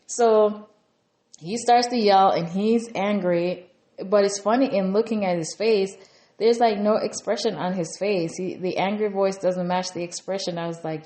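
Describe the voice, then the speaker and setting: A woman's voice: mid-range voice, normal speed, warm tone, roomy sound. A woman recapping a reality TV episode in a chatty, rambling way, full of "you know" fillers. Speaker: TV recap reviewer.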